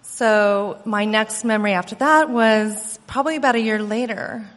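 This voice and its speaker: A woman's voice: mid-range voice, moderate pace, a bit bright. Earnest woman telling her story in a hall. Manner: earnest storytelling with many fillers and restarts. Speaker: conference speaker. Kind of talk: personal testimony talk. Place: conference hall. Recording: long hall reverb.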